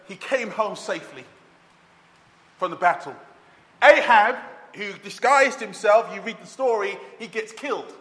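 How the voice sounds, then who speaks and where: A man preaching a sermon with dramatic swings between loud calls and soft, low lines. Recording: long hall reverb.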